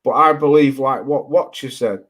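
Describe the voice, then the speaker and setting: A man's voice: medium pitch, normal speed. Man, boxing podcast co-host, insistent, talks over others. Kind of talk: heated casual debate.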